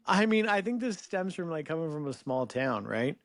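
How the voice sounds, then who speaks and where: A man in his thirties from Canada, a podcast guest talking in a relaxed, rambling way full of "like" and "you know". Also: on the high side, normal speed, no room sound. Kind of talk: casual interview chat.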